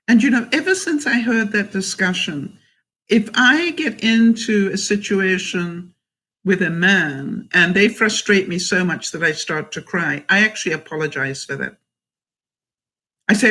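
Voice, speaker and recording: A woman's voice: on the low side, unhurried, a bit bright, poor audio. A woman vlogger chatting casually and answering viewer comments, outspoken and assertive. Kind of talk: casual live chat.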